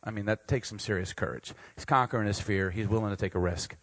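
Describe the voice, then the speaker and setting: A young man preaching a sermon to university students, joking and animated, swinging between loud outbursts and quiet, earnest points. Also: lowish voice, fast talker, no echo. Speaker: pastor speaking to university students.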